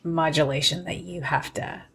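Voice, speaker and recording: Low-voiced woman podcast co-host. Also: fairly even intonation, normal speed, gravelly, a bit bright, breathy edge, rough recording. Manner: supportive, backchannels, reflective. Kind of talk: casual podcast chat.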